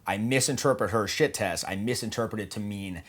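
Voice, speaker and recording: A man's voice: on the low side, a little fast, slightly rough. A man coaching on dating in a casual, joking manner, swearing freely and checking in with "okay" and "right?". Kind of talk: casual instructional talk.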